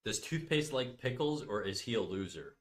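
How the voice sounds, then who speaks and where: A man with a very low voice hosts his drawing livestream. He reads chat messages aloud and teases his guest in a joking way. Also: big pitch swings, moderate pace. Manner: teasing, joking. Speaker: livestream artist host. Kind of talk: casual chat reading chat aloud.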